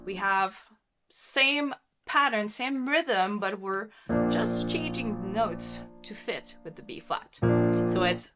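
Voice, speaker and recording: A piano teacher with a medium-pitched voice speaks slowly and cheerfully while teaching rock keyboard patterns. She demonstrates as she explains, counting beats out loud over her own loud playing.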